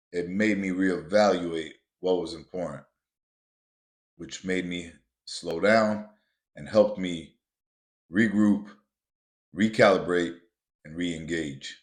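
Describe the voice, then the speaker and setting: A man hosting a podcast, telling a motivational personal story in a casual way. He calls his listeners guys and builds to emphatic, repeated points. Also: sits low. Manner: builds to emphatic, repetitive punches. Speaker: podcast host. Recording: roomy echo.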